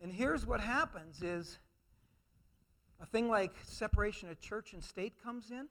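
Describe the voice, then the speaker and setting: A man preaching a sermon, emphatic, swinging between loud declarations and hushed asides, mimicking others in mocking quoted voices. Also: high-pitched, animated, measured pace.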